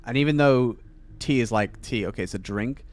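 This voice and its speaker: A medium-pitched man talks a little fast as he plays a video game. He's a game streamer whose casual chatter rambles, packed with fillers and restarts.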